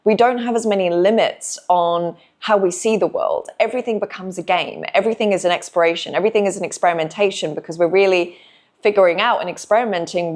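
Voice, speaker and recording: A woman giving a spiritual message to her viewers in an earnest, reflective manner, slowing down and drawing out phrases. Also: mid-range voice. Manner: soft, earnest, reflective, with slow drawn-out phrases. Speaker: intuitive reader and channel host.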